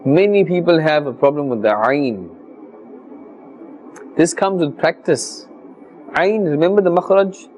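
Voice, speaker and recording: A man teaching Quran reading pronunciation, patiently explaining rules and slowly repeating words as models for his students. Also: a little high, expressive, darkish tone, muffled recording, slight background noise. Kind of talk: religious recitation lesson.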